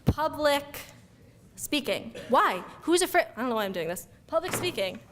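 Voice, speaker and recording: A woman giving an energetic, conversational talk to an audience, acting out everyday reactions as she goes. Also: fairly high pitch, fast talker, a little hiss or hum. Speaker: speaker giving a talk on youth mental health. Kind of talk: lively lecture to an audience. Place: event room before an audience.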